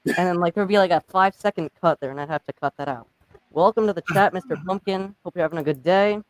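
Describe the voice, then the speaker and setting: A man's voice: high-pitched, fast talker, no room sound, rough recording. Young man rambling with lots of "like". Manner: rambling, heavy use of "like". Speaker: channel host. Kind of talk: casual live-stream chat.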